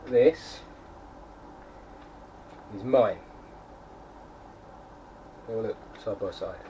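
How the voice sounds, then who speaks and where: A man's voice: on the low side, drawn-out words, warm tone. Chatty man, set back from the mic. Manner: rambling, lots of fillers and restarts, chatty. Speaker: homebrewing vlogger. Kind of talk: casual chat to camera. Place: home, beside his kegerator. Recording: distant mic, faint background noise.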